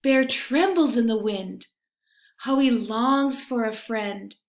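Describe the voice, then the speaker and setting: Slow, gentle woman reading a storybook. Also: on the high side. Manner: gentle, expressive reading with hushed refrains. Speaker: storybook reader. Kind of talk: reading a children's picture book aloud. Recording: roomy echo.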